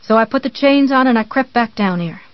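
A reader voicing a pious, menacing middle-aged woman who speaks slowly and sweetly, in a dull, dry audiobook recording. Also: mid-range voice, clear, resonant tone, no room sound, natural voice. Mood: calm, pious.

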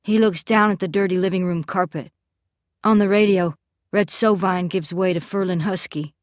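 A woman with a fairly low voice narrates a story in the first person, measured and steady. The recording is dry and close, like a studio booth, with nothing around the voice. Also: no room sound. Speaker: audiobook narrator.

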